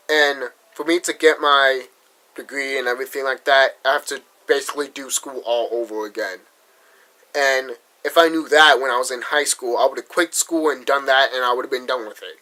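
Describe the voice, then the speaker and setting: A man's voice: medium pitch, a little fast, pushed and bright, poor audio. A young man from Massachusetts venting in a casual vlog, talking bluntly and profanely with frequent restarts. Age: young adult. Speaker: vlogger. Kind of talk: frustrated vlog rant.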